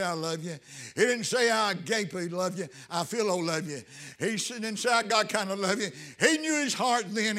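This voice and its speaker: A man's voice: high voice, bright, forceful tone. A man preaching a sermon in an emphatic, rising style, with folksy Southern grammar.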